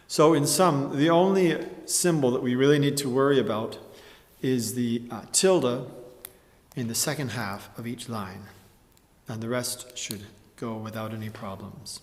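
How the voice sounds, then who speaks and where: A man teaching a chant tutorial, explaining slowly and carefully and often clearing his throat. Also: mid-range voice, in a large hall. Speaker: music teacher.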